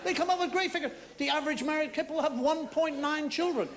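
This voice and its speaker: A man's voice: very high-pitched, fast, over a noisy crowd, heavy background noise. A man doing a stand-up comedy monologue in a wry storytelling way, with mock-outraged asides. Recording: live theatre recording with loud audience laughter. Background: audience laughing.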